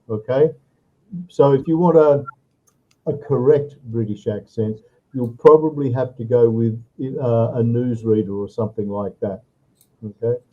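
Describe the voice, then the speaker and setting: The speaker is a male English tutor whose mid-range voice has a dark tone, coming through dull video-call audio. Patient in his online lesson, he follows each point with a check like "okay?" or "all right?".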